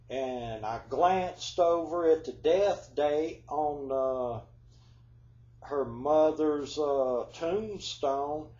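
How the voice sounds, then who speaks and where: A man's voice: on the high side, darkish tone, roomy sound, lo-fi sound. A man telling ghost stories in a folksy, drawling way, his voice congested from flu-like symptoms. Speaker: storyteller. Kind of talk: casual ghost storytelling.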